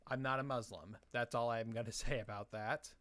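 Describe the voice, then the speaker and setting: A man's voice: mid-range voice, fairly even intonation, fairly quick, fairly bright tone, no room sound. A young man hosting a casual live stream Q&A, answering chat questions in a hesitant way with many fillers and restarts.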